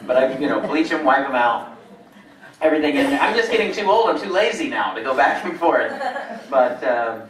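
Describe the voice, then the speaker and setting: A man's voice: mid-range voice, lively intonation, a little fast, fairly bright tone. A man from Georgia, a nurse giving a joking, self-deprecating conference talk. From Georgia, USA. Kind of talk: humorous keynote talk. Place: large conference hall at a resort. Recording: echoey hall from far off.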